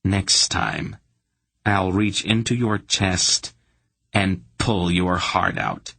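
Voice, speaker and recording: A man's voice: deep voice, drawn-out words, vocal fry, no room sound, full character voice. A man doing a coldly menacing young sorcerer. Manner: menacing, quietly commanding.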